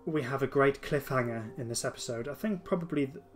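A podcast host with a mid-range voice speaks enthusiastically during a casual discussion, faint music audible behind him. He tends to stop partway through sentences and start again.

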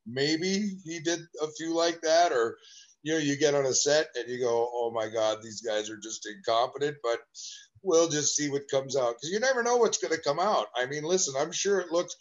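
A man in his fifties from Southern California, a guest in an interview, telling animated, rambling anecdotes about his childhood. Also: a little high, normal speed, lo-fi sound. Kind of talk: storytelling interview.

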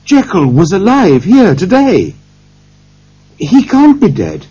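A man's voice: lowish voice, big pitch swings, takes it slowly, mellow, slightly rough, heavily acted. A man reading aloud and voicing a worried middle-aged Victorian lawyer who talks in anxious, questioning tones. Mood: alarmed. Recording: dull lo-fi recording.

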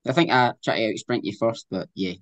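A man's voice: on the low side, expressive, brisk. A man hosting a podcast, with friendly, easygoing banter. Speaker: podcast host. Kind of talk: casual podcast chat.

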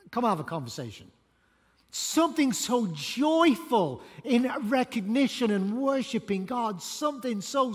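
A man preaching a sermon as pastor, emphatic and animated, with sudden loud bursts. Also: very high-pitched. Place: church auditorium. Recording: church hall reverb.

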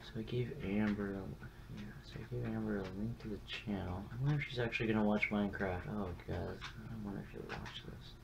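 A man's voice: lowish voice, steady tone, a little fast, creaky. Young man rambling over gameplay, lo-fi. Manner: rambling, profane, self-deprecating. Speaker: gaming channel host. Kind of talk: casual gameplay commentary. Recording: muffled, lo-fi with audible background noise.

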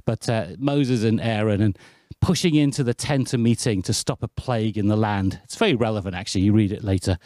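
A man's voice: on the low side, a little fast, no echo, clean studio sound. A British man preaching a sermon, telling stories in a chatty, self-deprecating way. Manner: anecdotal, chatty and lively, with self-deprecating asides.

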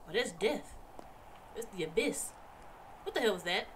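A woman's voice: mid-range voice, animated, moderate pace, a little hiss or hum. A woman with a Southern US accent hosting a horror game let's play, jumpy and exclaiming as she talks back to the game. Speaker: gaming channel host.

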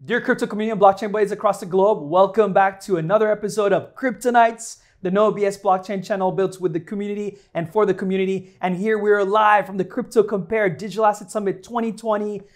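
A man with a notably high voice hosts a video interview from a conference. He greets viewers and his guest with upbeat enthusiasm and easy banter. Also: fairly even intonation, fast, hardly any pauses. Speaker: host. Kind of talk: enthusiastic show host. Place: conference venue.

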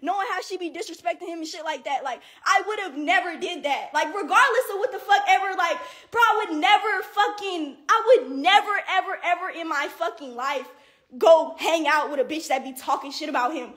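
A young woman with a very high voice, venting on a livestream in a heated rant. She swears nonstop, leans on "like" and "bro", and sounds fed up. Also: a little fast, a bit bright. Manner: heavy profanity, repeated "like" and "bro"; indignant and exasperated, with bursts of laughter.

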